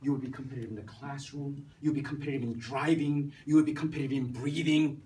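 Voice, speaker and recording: A man's voice: mid-range voice, fast. A man lecturing a university class, telling stories with rhetorical questions and acting out the people he quotes. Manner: animated storytelling with rhetorical questions; emphatic, acts out quoted voices. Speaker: university professor. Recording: distant mic with faint noise.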